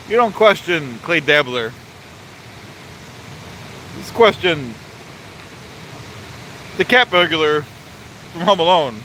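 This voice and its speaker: A man livestreaming on a phone outdoors by a waterfall, with a high voice. He is pompous and mock-authoritarian, refers to himself in the third person and hammers the same points again and again. A faint outdoor hiss runs underneath. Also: bright, forceful tone, rough recording. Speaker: livestream host. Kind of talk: live-streamed rant reading chat.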